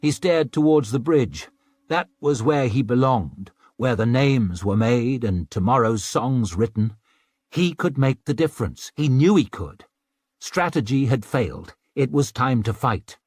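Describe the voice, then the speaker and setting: A man narrating a dark fantasy audiobook in a dramatic reading style. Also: animated, a little slow, breathy edge, no echo, clean studio sound. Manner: voices characters with raised pitch and volume.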